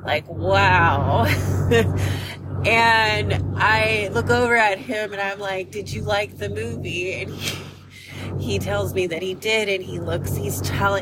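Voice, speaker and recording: A woman's voice: mid-range voice, heavy background noise. A woman hosting a podcast, chatting casually about movies in a rambling way, with lots of fillers and restarts. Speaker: podcast host. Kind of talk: casual movie review chat.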